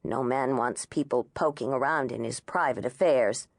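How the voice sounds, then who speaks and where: A woman narrator voicing an elderly, old-fashioned grandmother with a soft, motherly way of talking. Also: extremely low pitch, moderate pace, dry recording, studio quality, voice pushed down. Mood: gentle, motherly. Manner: soft, motherly, turning frantic when scared.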